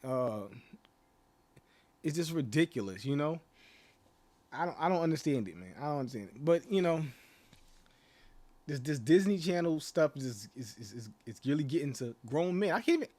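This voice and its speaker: A man's voice: a little high, very animated, moderate pace, long pauses, a little mellow. A man talking casually to camera as a channel host, rambling with lots of "like" and "you know" and mocking rhetorical questions. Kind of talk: casual opinion rant to camera.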